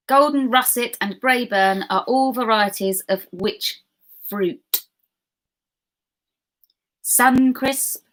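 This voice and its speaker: A woman hosting an online pub quiz, reading questions slowly and chatting and giggling with viewers in between. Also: medium pitch, a bit bright, slight background noise. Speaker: quiz host.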